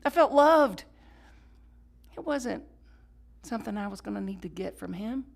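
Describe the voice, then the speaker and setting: A woman's voice: mid-range voice, expressive, a little slow, gravelly. Woman pastor preaching, goes big then drops to a whisper, gets folks repeating after her, chatty with little laughs. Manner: swings from loud emphatic lines to hushed whispers; leads the congregation in call-and-response. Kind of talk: sermon.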